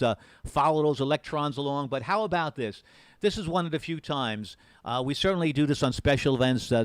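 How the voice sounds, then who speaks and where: A man at a desk mic hosts a live-streamed amateur radio event. His voice is smooth and resonant at a middle pitch. He talks earnestly and rambles, doubling back over his words, and the sound is dry and close. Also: no echo. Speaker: amateur radio special event station host. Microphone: desk mic with push to talk.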